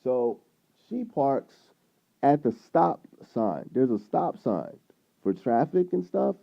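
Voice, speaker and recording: A man vlogging, casually retelling a frustrating run-in, rambling and animated, acting out what people said. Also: medium pitch, slow, creaky. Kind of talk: casual storytelling to camera. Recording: tinny phone-like sound.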